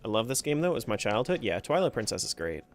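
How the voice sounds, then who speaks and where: A man's voice: mid-range voice, big pitch swings, fast. A man chatting casually on a live stream as he plays a game, talking to himself and to chat and laughing often.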